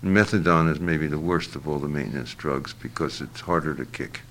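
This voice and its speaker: An older man being interviewed, answering in a halting, reflective way with many fillers and restarts. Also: extremely low pitch, a bit bright.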